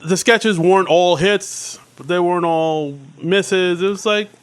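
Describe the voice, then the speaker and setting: A man co-hosting a podcast in casual chat, animated and acting out sketch lines in put-on voices. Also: high voice, a little slow, clear, resonant tone. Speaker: podcast co-host. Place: home podcast studio.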